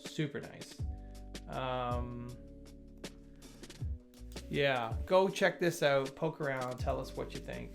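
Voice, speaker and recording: Gravelly-voiced man hosting a casual stream. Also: medium pitch, takes it slowly, long pauses, faint music behind. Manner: rambling, self-correcting, greets chat viewers; reads changelog items aloud and comments. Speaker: livestream host reviewing software updates. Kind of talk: casual livestream chat.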